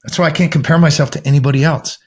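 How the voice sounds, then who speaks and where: A man's voice: on the high side, steady tone, very fast, a little mellow. A man coaching other men, talking in an intense, profane, preachy way as a podcast guest. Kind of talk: blunt motivational talk.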